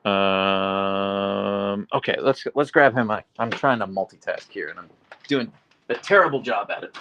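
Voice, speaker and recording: This man talks at an unhurried pace with a creaky, fairly bright voice, and a faint hiss or hum sits under the recording. He's live streaming from home in Seattle, chatting aimlessly, reading out comments from viewers, and cooing at his dogs in a high-pitched baby voice.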